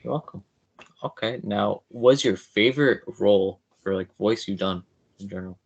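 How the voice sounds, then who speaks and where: A male podcast host asking fumbling, excited questions in a casual interview. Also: on the low side, normal speed, vocal fry. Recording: dull lo-fi mic.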